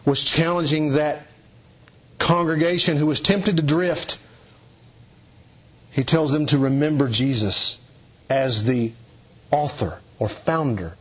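Man, sermon, emphatic, hushed lows and urgent highs, muffled recording. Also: slightly rough. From Eastern Kentucky. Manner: emphatic, swings between low hushed lines and raised urgent ones. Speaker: preacher. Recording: dull lo-fi sound.

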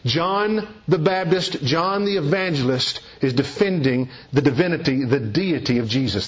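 A man's voice: on the high side, fairly bright tone, husky, lo-fi sound. A man preaching an expository sermon, emphatic and repeating key phrases for weight.

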